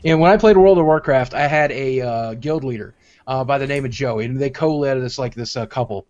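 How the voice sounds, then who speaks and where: A man's voice: medium pitch, fairly quick. A man co-hosting a stream, chatting casually in a profane, joking way and telling stories. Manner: profane, joking, animated storytelling. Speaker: streamer co-host. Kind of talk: casual chat. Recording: dull lo-fi sound.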